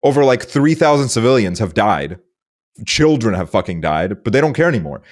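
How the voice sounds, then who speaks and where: Jeune animateur de podcast, estonien, voix grave, débit décousu et grossier. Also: male voice, fairly low pitch, very animated, fairly quick. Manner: rambling, heavy filler and swearing. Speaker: podcast host. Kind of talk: casual chat.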